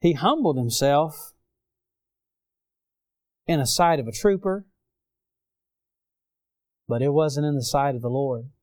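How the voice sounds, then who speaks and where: Man, preacher, sermon, smooth resonant voice, fairly high. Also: expressive, slow pace, long pauses. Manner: impassioned, swells loud on key phrases then drops low.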